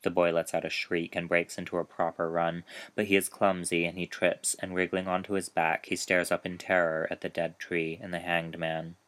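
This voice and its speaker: A man reading his own dark short story aloud in a slow, measured storytelling manner. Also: low voice, little pitch movement.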